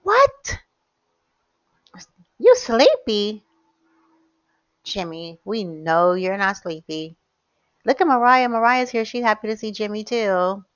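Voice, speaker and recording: A woman giving animated, chatty commentary over her gameplay, often calling out to her viewers. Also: medium pitch, moderate pace, smooth, highs cut off. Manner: animated, gasping, chatty, addresses viewers as y'all. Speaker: gaming YouTuber. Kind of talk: casual let's-play commentary.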